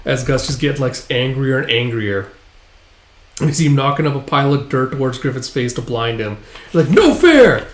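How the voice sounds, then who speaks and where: A man's voice: mid-range voice, steady tone, fairly quick. Casual rambling man recapping a comic. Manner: loose, rambling, many fillers. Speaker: manga recap host. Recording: roomy echo.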